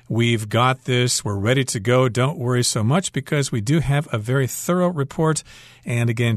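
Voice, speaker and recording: A man explains English phrases in a calm, patient teaching voice, walking through examples one by one. His voice sits at an ordinary middle pitch. The studio sound is dry and close. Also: dry recording. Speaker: English teacher on a radio lesson. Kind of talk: explaining dialogue and vocabulary.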